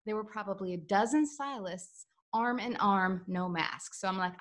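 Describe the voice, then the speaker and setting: A woman's voice: medium pitch, normal speed. A woman hosting an interview, telling a story in a chatty, friendly way over a video call. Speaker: interview host. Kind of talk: casual interview chat.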